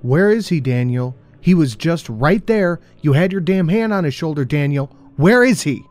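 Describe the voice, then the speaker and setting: A man voicing a panicked, angry teenage boy who shouts accusations at his friend. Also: medium pitch, normal speed, voice pushed up, natural voice. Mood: frantic.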